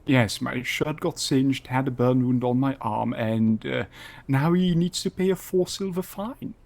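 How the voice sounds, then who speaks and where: A man's voice: mid-range voice, unhurried, creaky, a little mellow. A man roleplaying in character, telling a story in a dry, exasperated way over voice chat.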